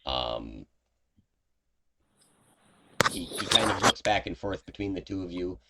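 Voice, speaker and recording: Low, lively-voiced game master. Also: male voice, measured pace, heavy background noise. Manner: loose, chatty narration with fillers. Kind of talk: narrating a tabletop game.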